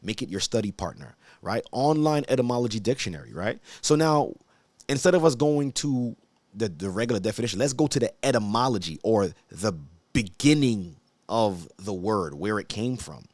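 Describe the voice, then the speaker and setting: A man's voice: fairly low pitch, animated, moderate pace, a little mellow, no room sound. Man hosting a casual live stream. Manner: conversational, repeats himself, checks in with viewers often. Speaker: church elder hosting a live broadcast.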